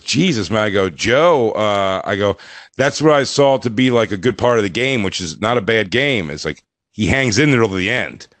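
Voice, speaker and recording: Low-voiced man telling rambling stories. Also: a bit bright, clean tone, no room sound. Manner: rambling storyteller, lots of fillers. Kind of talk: casual comedy podcast chat.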